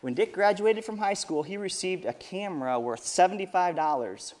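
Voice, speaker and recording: Lively man reading to kids. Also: high-pitched, normal speed. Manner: lively, asks the kids questions. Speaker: children's storyteller. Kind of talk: reading a story to children.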